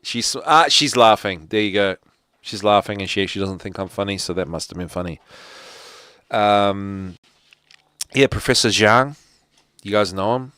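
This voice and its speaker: Low-voiced rambling livestream host. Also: male voice, moderate pace, a bit bright, clean tone, no echo, studio quality. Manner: rambling, joking asides. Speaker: host of a live show. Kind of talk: casual rambling livestream talk.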